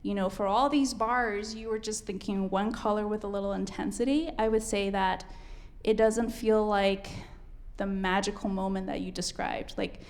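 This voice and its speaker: A woman's voice: medium pitch, fairly even intonation, moderate pace, a little mellow. A woman teaching a piano masterclass, coaching a student and singing rhythms aloud as she counts.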